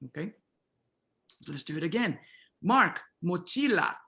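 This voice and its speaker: A man's voice: sits high, animated, creaky, bright, forceful tone. Patient man drilling pronunciation on a call. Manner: repeats words slowly, affirms with uh-huh. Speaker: workshop instructor. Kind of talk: online pronunciation drill with students. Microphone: video call.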